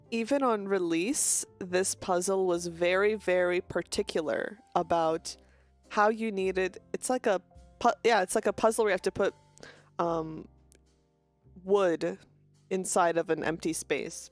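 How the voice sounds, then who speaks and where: A young woman streamer with a stuffy nose, chatting casually and greeting viewers in a quick, bubbly way. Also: mid-range voice, no echo. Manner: fast-talking, bubbly, frequent laughs.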